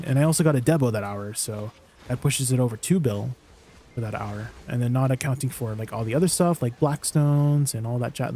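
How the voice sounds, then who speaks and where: A man's voice: mid-range voice, mellow, a little hiss or hum. Chatty young man streaming a game. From Canada. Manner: chatty, answers chat questions, laughs at himself. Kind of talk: casual live-stream chat.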